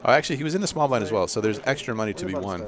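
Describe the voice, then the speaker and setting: Lively low-voiced male poker commentator. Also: rapid-fire, a crowd in the background. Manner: playful, joking asides.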